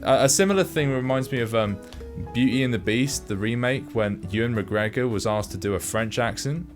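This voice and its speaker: A man co-hosting a podcast, chatting casually about films in a rambling, halting way with many restarts. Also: medium pitch, over music. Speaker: podcast co-host. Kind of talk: casual film review chat.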